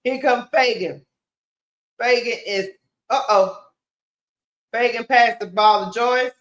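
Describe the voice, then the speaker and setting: A woman hosting a live watch-party stream, calling a basketball game play by play in a casual, animated way and talking straight to her viewers. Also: fairly high pitch, slow pace. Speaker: sports stream host. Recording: roomy echo.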